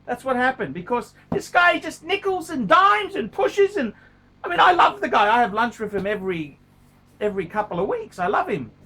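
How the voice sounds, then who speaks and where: A man's voice: extremely high pitch, sing-song, fairly quick, pushed and bright, husky. A middle-aged man, talking casually to camera in a blunt, profane way and often repeating himself. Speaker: watch collector vlogger.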